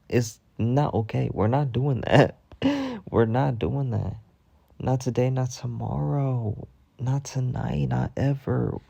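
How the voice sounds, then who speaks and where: Slow, gravelly young man ranting. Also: mid-range voice, warm tone, dry recording, highs cut off. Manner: slangy, mock-dramatic, swears freely. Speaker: storytime vlogger. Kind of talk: casual storytime rant.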